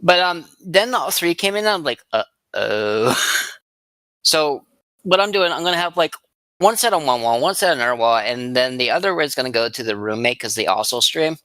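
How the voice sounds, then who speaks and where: A podcast co-host telling funny stories in an animated, giggly way. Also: medium pitch, brisk, no echo. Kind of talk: casual chat.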